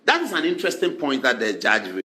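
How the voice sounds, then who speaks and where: A man giving animated talk-show commentary, acting out quoted dialogue in shifting voices. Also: medium pitch, quick pace.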